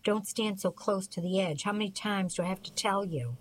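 A woman voicing a troubled, grieving grown man, speaking in a slow, halting, tearful way. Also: medium pitch, close to an everyday voice, rough recording.

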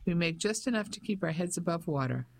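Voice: medium pitch, lively intonation, brisk, creaky. A narrator voicing a chatty older Englishwoman who runs a guesthouse, with a Cockney accent. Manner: chatty, homely. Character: older working-class Englishwoman innkeeper, chatty.

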